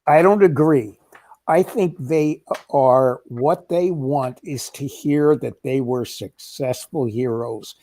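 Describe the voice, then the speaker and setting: A man in a casual political chat, talking in a wry, measured, sardonic way. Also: medium pitch, dark tone. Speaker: co-host.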